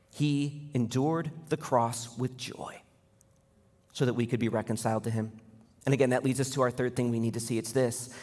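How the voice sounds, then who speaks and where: A young man preaching a sermon as pastor, animated and building to intense emphasis. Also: mid-range voice. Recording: long reverb of a large hall.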